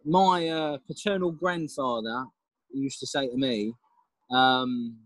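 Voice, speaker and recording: A man's voice: mid-range voice, fairly even intonation, slow, a bit bright, no echo, poor audio. A man, a father, talking reflectively as a podcast guest, with laughs and hesitant restarts. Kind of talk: casual interview chat.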